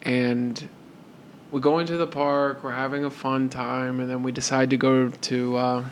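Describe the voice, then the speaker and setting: A man co-hosting a podcast, telling a story in a casual, animated way and acting out both sides of the conversation. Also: mid-range voice, a little slow, a little hiss or hum. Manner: animated retelling with repeated "and I'm like". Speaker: podcast co-host.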